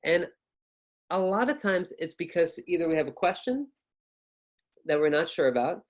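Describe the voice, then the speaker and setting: A man's voice: fairly high pitch, lively intonation, moderate pace. Upbeat American man teaching a lesson. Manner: upbeat, chatty, with fillers and restarts. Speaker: ESL and test-prep teacher. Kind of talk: casual online lecture.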